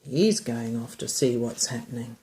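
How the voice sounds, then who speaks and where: A woman reading a picture book aloud to a young child. She stops to ask about the pictures, moving between bright exclamations and soft murmured asides. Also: a bass voice, normal speed. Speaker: reader to a child.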